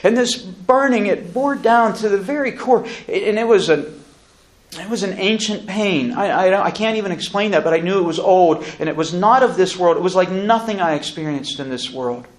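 A man giving an earnest, solemn spoken testimony, speaking deliberately with pauses and restarts. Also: high-pitched, lively intonation.

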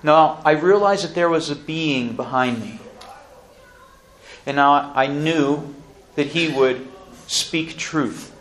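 A man giving an earnest, solemn spoken testimony, speaking deliberately with pauses and restarts. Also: a little high, fairly bright tone.

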